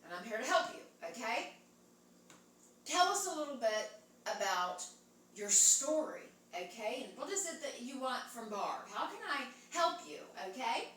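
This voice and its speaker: A brash, crude middle-aged hostess, put on by a woman rambles through her show, ending almost every phrase with "okay?". Her voice is high, bright and swings widely in pitch. She sounds very echoey, picked up by a mic well away from her. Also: big pitch swings, a little slow, a little hiss or hum. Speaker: host. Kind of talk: improvised comedy sketch. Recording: very echoey room, mic far off.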